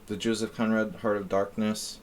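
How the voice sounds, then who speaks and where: A man's voice: lowish voice, little pitch movement, moderate pace, slight background noise. A man streaming chess, chatting casually and reading his moves aloud as he thinks. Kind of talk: casual live-stream chat while playing.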